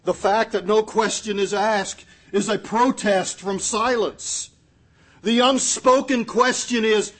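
A middle-aged male pastor preaching a sermon, swinging from loud, emphatic lines to quiet asides and acting out quotes. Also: high voice, fairly even intonation, takes it slowly.

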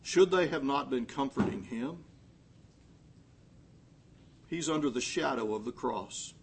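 A middle-aged male pastor preaching a sermon, swinging from loud, emphatic lines to quiet asides and acting out quotes. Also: medium pitch, animated, a little slow, slight background noise.

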